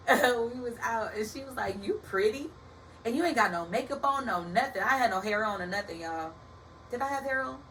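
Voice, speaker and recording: A young woman hosting a motivational podcast in a casual, animated way, calling her listeners baby and y'all, like a preacher. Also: mid-range voice. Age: young adult. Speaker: podcast host. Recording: distant from the mic with faint background hiss.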